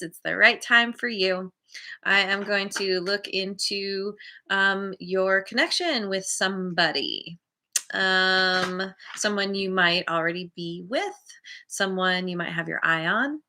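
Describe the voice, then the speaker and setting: Woman tarot reader, casual to-camera reading; unhurried, bright-toned, rambling and self-amused. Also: medium pitch, a little hiss or hum. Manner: chatty and meandering, laughs at herself.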